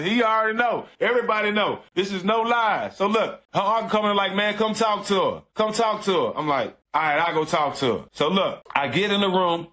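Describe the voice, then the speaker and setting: Man, casual storytelling, emotional and slangy, bright voice, slightly high. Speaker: storyteller on a livestream.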